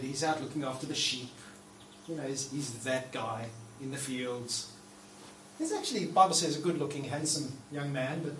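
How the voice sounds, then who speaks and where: Male preacher, high-pitched, lively sermon, miked from a distance in a roomy hall. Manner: conversational, animated preaching with quoted voices. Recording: roomy hall from far off, faint noise.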